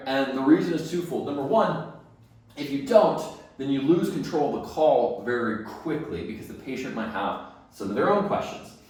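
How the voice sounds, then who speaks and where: A man with a medium-pitched voice instructs dental staff on phone skills, emphatic and answering questions he poses himself. He stands set back from the mic in a very echoey room.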